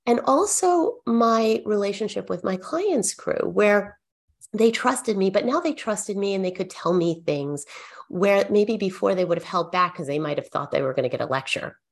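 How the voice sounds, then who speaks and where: A woman's voice: medium pitch, normal speed, gravelly. A middle-aged woman, an accountant, sharing earnest stories in a podcast interview and acting out what she and her clients said. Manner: earnest, animated storytelling with quoted dialogue. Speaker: accountant and guest.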